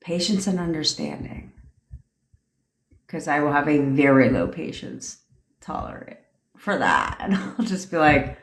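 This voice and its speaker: A woman's voice: low-pitched, sing-song, a little slow, pauses often. A woman coaching manifestation in a casual livestream chat, brash and profane, laughing often. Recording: echoey room.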